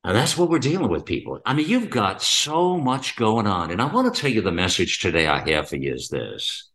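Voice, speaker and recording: Rambling low-voiced man ranting. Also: sing-song, brisk, a bit bright. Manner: rambling, repetitive, full of rhetorical questions and fillers. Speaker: podcast host. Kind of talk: opinionated commentary monologue.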